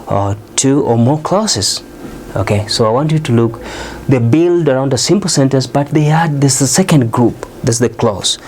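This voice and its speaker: A man teaching a recorded English lesson. He explains step by step, often pausing on "uh" and checking in with "okay?". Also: medium pitch, darkish tone, a little hiss or hum.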